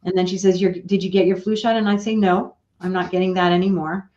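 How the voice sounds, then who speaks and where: A woman guest on a talk show, retelling a personal story in a chatty, animated way with quoted dialogue. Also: fairly low pitch, fast talker. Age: older. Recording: dull lo-fi remote audio.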